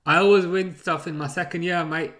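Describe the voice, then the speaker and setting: A man's voice: a little high, fairly even intonation, a little fast, a bit bright, lightly acted. A man mimicking a brash Aussie football boss. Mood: boastful. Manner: repeats "mate" after every phrase. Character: brash middle-aged male Australian football manager.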